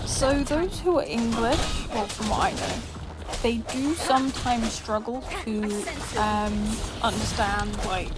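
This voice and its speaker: A woman's voice: a little high, poor audio. A woman from Scotland chatting while she streams a game, over-pronouncing her words to mask a faint Scottish accent, with lots of fillers. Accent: faint Scottish, mostly hidden. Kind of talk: casual gaming stream chat.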